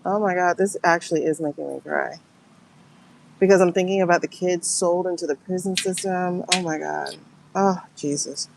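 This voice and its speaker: Emotional woman with a gravelly voice. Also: lowish voice, steady tone, moderate pace, a little hiss or hum, poor audio. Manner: emotional, exclaiming, talks to viewers as "girl". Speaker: tarot and pendulum reader. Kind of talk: livestream spiritual reading.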